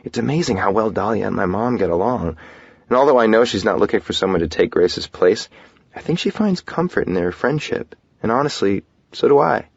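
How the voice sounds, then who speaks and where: A man narrating a first-person romance audiobook in a soft, intimate, reflective way. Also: fairly low pitch, expressive, brisk, gravelly, slightly rough, dry recording, muffled recording.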